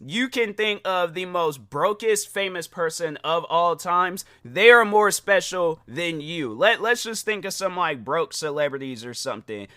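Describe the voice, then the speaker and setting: A young man hosts a podcast and tells a story as a lively, casual rant, laughing often and acting out the people in it. His voice sits a bit high, bright and forceful, with a smooth, crisp tone. The recording is dry and close. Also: measured pace, hardly any pauses, dry recording. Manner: animated, acts out quoted voices, laughs often. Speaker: podcast host.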